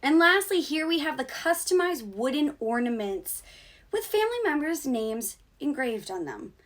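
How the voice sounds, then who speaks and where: With big pitch swings at a moderate pace, the woman hosting her show riffs in a sassy, mock-outraged comedic way, swearing freely. Her slightly bright voice breaks when it goes high.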